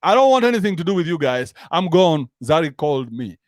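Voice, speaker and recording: A man's voice: fairly high pitch, very animated, a little fast, no echo, clean studio sound. A Kenyan-accented man mockingly voicing a smug husband who walks out on his family. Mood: dismissive. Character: smug runaway husband quoted in mockery.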